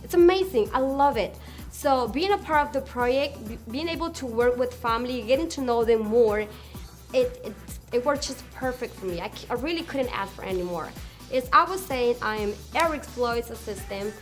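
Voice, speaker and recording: A bubbly assistant gushes in a promo interview, excitable and quick to giggle. Her voice is high, and soft music plays behind her. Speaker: personal assistant.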